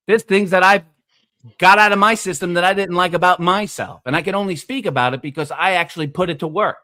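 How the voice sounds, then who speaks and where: A man ranting in casual streamed panel chat, profane and preachy, with loud emphatic bursts. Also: a little high. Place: online streaming call.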